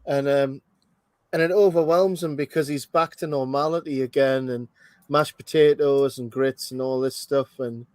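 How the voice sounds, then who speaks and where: A man's voice: medium pitch, fairly even intonation, moderate pace, darkish tone, clean tone, no echo. A man hosting a casual movie commentary, thinking aloud with lots of fillers and restarts. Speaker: host.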